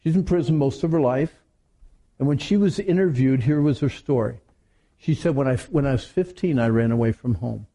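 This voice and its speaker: A middle-aged man preaching a sermon to teenagers, telling stories in an animated way. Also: mid-range voice, normal speed, breathy edge. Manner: animated storytelling with acted quotes. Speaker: youth preacher.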